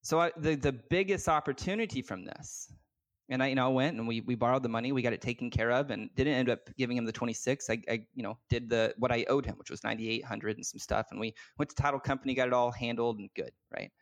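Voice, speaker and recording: A man's voice: mid-range voice, fast. A man speaking as a guest business coach, telling a personal story earnestly and from the heart, with many filler words and restarts. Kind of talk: candid personal storytelling in conversation.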